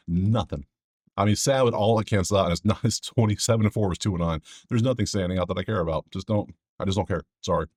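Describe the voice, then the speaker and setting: Casual betting host, man, low voice, dry close mic, chatty and digressive. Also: darkish tone, dry recording. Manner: rambling, joking asides to viewers.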